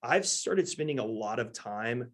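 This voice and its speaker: A middle-aged man speaks earnestly and openly, with a voice of ordinary pitch. He talks in a casual podcast conversation and often restarts his thoughts. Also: animated, measured pace. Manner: earnest, open and heartfelt. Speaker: guest host.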